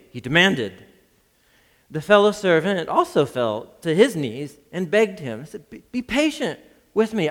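Man preaching in a reverberant hall. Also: mid-range voice. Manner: lively, reads scripture with acted voices, laughs often. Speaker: pastor. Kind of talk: sermon.

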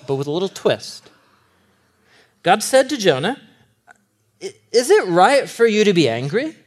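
A man in his thirties preaching with lively humor and frequent laughter. He talks straight to his congregation with a slightly high voice. Each passage moves into an animated, conversational sermon. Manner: animated, humorous, laughs often, addresses audience.

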